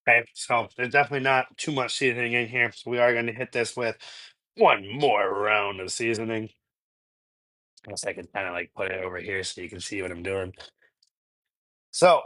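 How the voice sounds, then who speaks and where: This cooking channel host, a man from Minnesota in the US Midwest, rambles and chats through a relaxed livestream from his kitchen at home, laughing a lot and replying to chat. His medium-pitched voice has a sharp tone. There's no room sound, and the recording quality is low.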